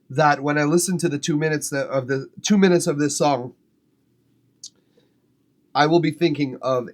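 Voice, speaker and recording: A man hosting a music feedback livestream, chatting casually and swearing freely while he eats. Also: mid-range voice. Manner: relaxed, chatty, swears casually, laughs often. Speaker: music feedback stream host. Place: home studio.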